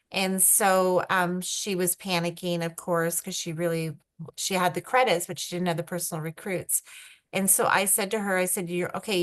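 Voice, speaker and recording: Canadian lady on a video call, kinda low voice, lots of ums and likes. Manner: rambling, filler-heavy, self-described introverted. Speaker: guest brand ambassador. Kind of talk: casual team call chat.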